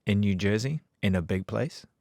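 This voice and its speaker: A male host interviewing a guest in a studio, playful and joking, quick to laugh along. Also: lowish voice, gravelly, darkish tone, dry recording. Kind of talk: conversational interview.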